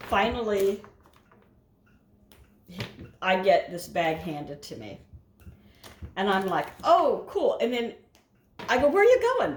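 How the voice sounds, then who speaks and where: Woman, medium pitch, rambling storyteller, casual cooking vlog, echoey home kitchen. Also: a little hiss or hum. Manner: rambling storyteller, keeps saying "anyway". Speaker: vlogger.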